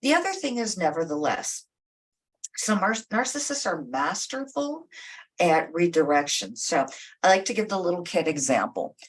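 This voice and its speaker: A woman therapist giving direct, coaching advice with a lively, up-and-down delivery. Her voice sits a bit low and sounds husky, recorded slightly away from the mic. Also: normal speed, far from the mic, rough recording. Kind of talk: advice talk.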